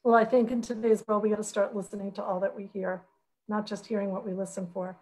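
A woman moderating a webcast panel over a video call, wrapping up with thanks and a measured, storytelling delivery. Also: mid-range voice, level tone, poor audio. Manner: warm storytelling, measured and grateful.

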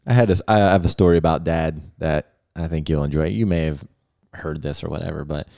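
A man's voice: a bass voice, fairly quick, vocal fry. A man hosting a casual podcast, telling a childhood story with laughs and acted-out quotes. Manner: lively, laughing, acts out quotes. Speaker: podcast host.

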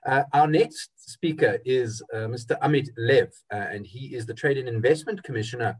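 Husky-voiced webinar moderator man. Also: medium pitch, moderate pace. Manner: hesitant, many uhs. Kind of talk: introducing speakers.

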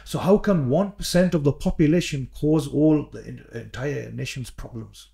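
A man's voice: fairly high pitch, normal speed, creaky, dark tone. A man, guest on a podcast, talking earnestly with many fillers and repeated words. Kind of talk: casual podcast conversation.

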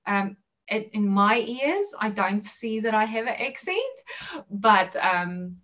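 Afrikaans-accented south african woman on a video call, bright voice, kinda far and muffled, lots of ums. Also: medium pitch, very animated, slow. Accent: Afrikaans-influenced South African English. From South Africa, Bloemfontein. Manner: chatty and self-deprecating, many ums and laughs. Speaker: interview guest. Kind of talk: casual video interview.

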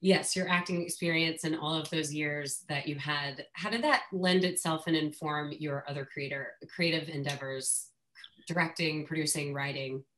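Female caller, bright lowish voice, chatty, home video-call audio. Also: fairly even intonation, normal speed, rough recording. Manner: chatty, a bit rambling. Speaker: caller, actor and filmmaker. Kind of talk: asking a question on a video call.

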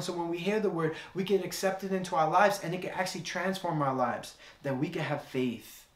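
A man's voice: fairly high pitch, brisk, few pauses, reverberant. A young man preaching a sermon, telling a personal story in an earnest way and repeating key phrases.

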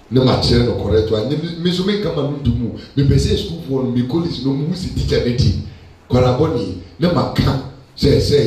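A man's voice: mid-range voice, fairly quick. A man with a Ghanaian accent preaching a sermon, mixing Twi and English. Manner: switches between Twi and English, animated preaching. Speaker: pastor. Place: church hall. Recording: echoey church hall from far off.

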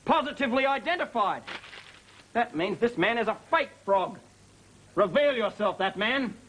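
A boastful, greedy boss. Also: male voice, high-pitched, expressive, moderate pace, fairly bright tone, a little hiss or hum. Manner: bossy, boastful. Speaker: sitcom character. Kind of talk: sitcom acting.

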